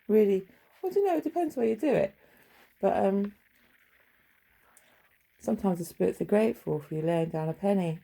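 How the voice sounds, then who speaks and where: A woman's voice: mid-range voice, big pitch swings, normal speed, creaky, pauses often, mellow, breathy edge, low-quality recording. A middle-aged woman chatting in a rambling, wry way at home, swearing freely. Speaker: vlogger. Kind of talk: rambling casual monologue. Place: home bedroom.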